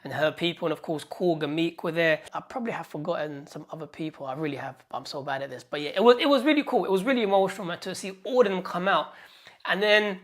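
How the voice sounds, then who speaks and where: Excitable British woman vlogging, lowish voice. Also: fast. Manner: excitable, rambling, many fillers and restarts. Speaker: YouTube host. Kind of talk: casual film review vlog.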